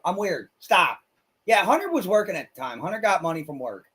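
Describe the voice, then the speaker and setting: A man streaming live, chatting casually with viewers in a blunt, crude and excitable way. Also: high voice, fairly quick, husky. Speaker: livestreamer. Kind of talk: casual livestream chat.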